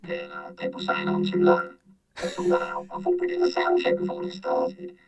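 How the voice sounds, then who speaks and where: A man talking through a robot voice changer, flustered and rushing to sort out his audio. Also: wildly swooping pitch, creaky, highs cut off, soft background music, heavily acted. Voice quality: deep robotic distorted voice. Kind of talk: casual podcast chat.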